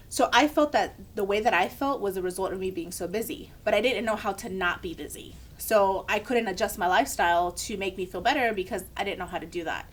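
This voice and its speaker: A young woman, a podcast co-host, telling a candid personal story in casual chat and acting out the people she quotes. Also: medium pitch.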